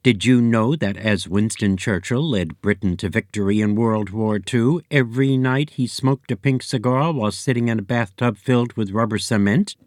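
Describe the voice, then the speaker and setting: A man's voice: lowish voice, moderate pace, hardly any pauses, a little mellow, no echo, studio quality, close to an everyday voice. A man voicing a snarling, smug male villain pig in a storybook reading.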